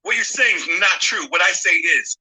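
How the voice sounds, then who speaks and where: Guy arguing politics hard on a stream, keeps saying okay?, high sharp voice. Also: expressive, normal speed, slightly rough, rough recording. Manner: emphatic, keeps adding a challenging "okay?"; blunt and profane. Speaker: guest speaker on a live stream. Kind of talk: heated political argument.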